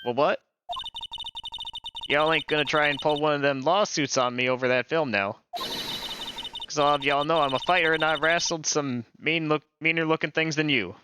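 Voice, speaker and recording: A man's voice: a little high, moderate pace, pauses often, noisy background, close to an everyday voice. A man voicing a feisty, folksy country woman from the American South in a put-on Southern drawl, with game music underneath. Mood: defensive.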